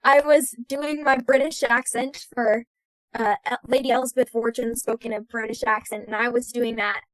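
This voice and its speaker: A woman's voice: fairly high pitch, fairly even intonation, moderate pace, a bit bright, dry recording, rough recording. A young American woman, an actress, talking thoughtfully as a podcast guest. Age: young adult. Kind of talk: casual interview.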